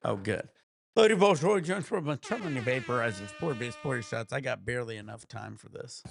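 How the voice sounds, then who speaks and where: A man hosting a casual livestream, with laid-back, rambling chat and quick laughs. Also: medium pitch, animated, gravelly, over music. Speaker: livestream host.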